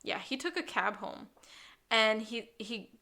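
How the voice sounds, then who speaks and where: A woman co-hosting a podcast, chatting casually as she recaps a TV episode in a lively storytelling way. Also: a little high, a little slow, gravelly. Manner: lively storytelling, acting out quoted lines. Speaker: podcast co-host.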